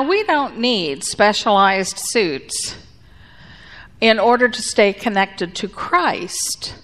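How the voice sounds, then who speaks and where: A woman pastor giving a sermon in a deliberate, conversational way. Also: mid-range voice, fairly bright tone, long reverb tail.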